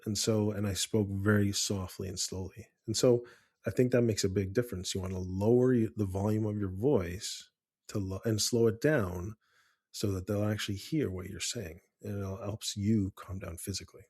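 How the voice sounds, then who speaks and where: An earnest man with a lowish, mellow voice co-hosts a casual talk on fatherhood. He speaks warmly and unhurriedly, often restarting his sentences as he works through his advice. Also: fairly even intonation, normal speed, breathy edge. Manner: earnest, with frequent restarts and fillers. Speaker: podcast co-host. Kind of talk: casual parenting advice chat.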